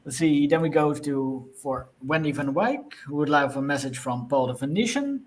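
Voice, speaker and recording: A man with a slightly high voice hosts a video call, handing out turns to the group. He is brisk, with frequent "uh"s. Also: animated. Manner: organizing, brisk, with fillers. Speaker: host.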